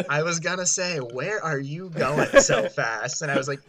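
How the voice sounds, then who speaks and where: A young man co-hosting a podcast, telling a story in a casual, animated way and laughing often. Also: fairly high pitch, moderate pace, over a noisy crowd. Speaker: podcast co-host.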